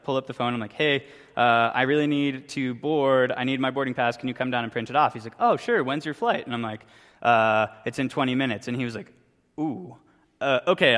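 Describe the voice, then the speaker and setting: A man's voice: medium pitch, fairly bright tone. A young man, a youth pastor, giving a casual sermon with a chatty, joking story. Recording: long reverb from a hall.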